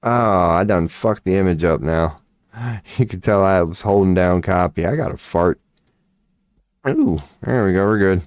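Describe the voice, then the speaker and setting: On an astrology live stream, a man in a low, unhurried voice chats casually and swears while busy at his computer. His manner is relaxed and mumbling, and the recording has no room sound.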